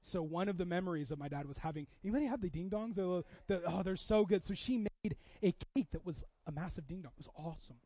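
A middle-aged man preaching a sermon, telling family stories with animated dialogue. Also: high-pitched, quick pace, few pauses, no echo, dull audio. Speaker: pastor.

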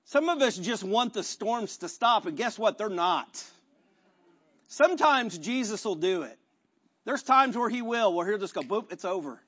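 A male pastor preaching a sermon in a conversational, animated style, acting out quotes as he tells stories. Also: high-pitched, unhurried, dull audio.

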